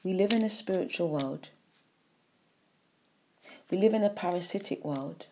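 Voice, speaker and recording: Low, mellow woman giving a preachy spiritual talk. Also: normal speed, a little hiss or hum. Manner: repetitive, preachy, with sighs and emphatic swings in loudness. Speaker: spiritual speaker. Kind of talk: spiritual monologue.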